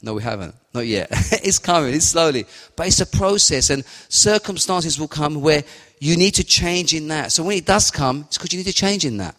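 A man's voice: on the high side, animated, moderate pace, fairly bright tone. A man giving a fervent, repetitive sermon and spoken prayer. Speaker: lay preacher. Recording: long hall reverb.

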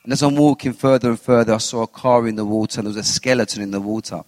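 A man's voice: mid-range voice, racing, no echo, long reverb tail. Guy sharing his testimony, acts out his own lines, dry close sound. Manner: animated storyteller who acts out his own quotes. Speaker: interview guest. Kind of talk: personal faith testimony.

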